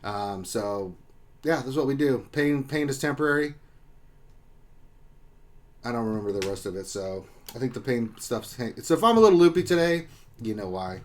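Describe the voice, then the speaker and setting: A man's voice: animated, moderate pace, pauses often. Joking man hosting a live stream. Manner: loose, joking, swings between loud greetings and low mutters. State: in back pain, drinking. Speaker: livestream host. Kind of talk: casual live-stream chat reading viewer comments.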